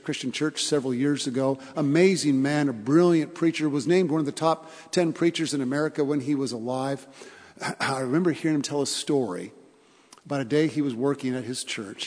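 A man's voice: on the high side, darkish tone, long reverb tail. A male pastor preaching a sermon in an earnest way, repeating phrases for emphasis and asking his congregation questions.

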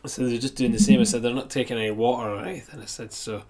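A man's voice: medium pitch, steady tone, racing, darkish tone. A man, a podcast guest telling a rambling, chatty story full of restarts. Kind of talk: casual chat, anecdote telling.

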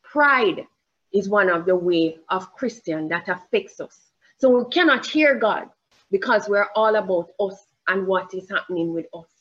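Slow, emphatic woman preaching a sermon. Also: mid-range voice, animated, fairly bright tone, dull audio. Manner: slow, emphatic delivery, drawing out scripture quotes.

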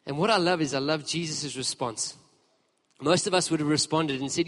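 A preacher telling a story in a sermon, lively and conversational as he speaks to the congregation in a church hall. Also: on the high side, moderate pace. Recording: long reverb of a large hall.

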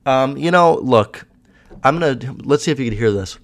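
A man's voice: medium pitch, expressive, moderate pace, slight background noise. Profane rambling young man. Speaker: podcast host. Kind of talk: casual chat.

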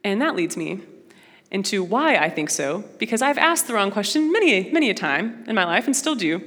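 A young woman giving a personal testimony talk to a Christian audience in an earnest, conversational, expressive way. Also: medium pitch, moderate pace. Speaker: Christian speaker. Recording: long hall reverb.

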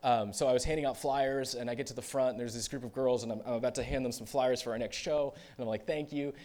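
A male pastor tells stories as he preaches, dropping into hushed, confessional tones before rising into loud, animated bursts. His voice is mid-range and fast.

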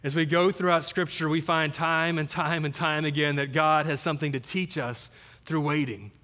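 A man's voice: a little high, steady tone, normal speed, bright, forceful tone. A man preaching a sermon as pastor, earnest, often repeating words as he builds his point.

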